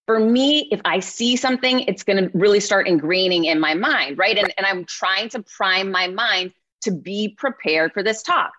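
A woman in her forties giving an energetic motivational keynote, often checking in with her listeners. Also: medium pitch, normal speed, few pauses. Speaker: keynote speaker. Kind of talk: motivational speech. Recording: slightly muffled lo-fi sound.

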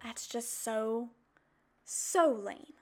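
A woman hosting a podcast, telling personal stories in a casual, animated way, with playful asides and mock outrage. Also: on the high side, extremely slow. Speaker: podcast host. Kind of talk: casual chatty monologue.

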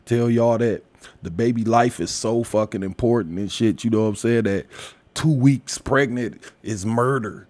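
A man's voice: mid-range voice, lively intonation, moderate pace, no echo. Man, crude and laughing, ranting casually, dry close mic. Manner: crude, loud, laughs often. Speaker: commentator. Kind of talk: casual profane rant.

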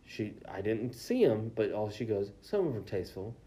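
A man's voice: lowish voice, big pitch swings, normal speed, dark tone. A young man co-hosting a casual podcast, telling a story with lots of swearing and acted-out quotes. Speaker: podcast co-host.

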